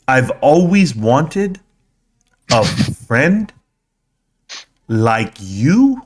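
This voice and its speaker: A man doing an impression of a young male viewer who talks tough but affectionately, in a very slow, drawn-out delivery. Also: medium pitch.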